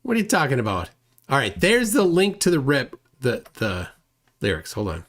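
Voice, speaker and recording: A man's voice: mid-range voice, huge pitch swings, moderate pace, fairly bright tone. A man hosting a casual livestream, reading viewer comments aloud and rambling with self-deprecating chuckles. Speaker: livestream host.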